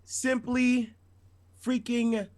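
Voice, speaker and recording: A man co-hosting a casual wrestling review stream, chiming in with quick interjections and egging the host on. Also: very high-pitched, level tone, a little mellow. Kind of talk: casual livestream commentary.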